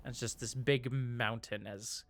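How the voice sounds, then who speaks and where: A man's voice: mid-range voice, steady tone, unhurried. A man narrating as game master of a tabletop game, hesitant with many restarts.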